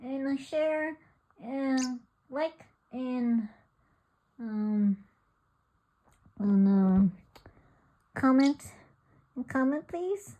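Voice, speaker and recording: A woman's voice: sits high, drawn-out words, long pauses, mellow. Giggly woman coaxing her pet bird. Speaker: pet vlogger. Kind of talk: casual vlog chatter to her pet and viewers.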